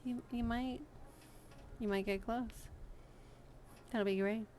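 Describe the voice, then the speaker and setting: A woman's voice: a little high, steady tone, slow pace, darkish tone, a little hiss or hum. A woman streamer chatting casually while she draws, playful and self-amused. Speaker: art streamer. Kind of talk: casual chat while drawing.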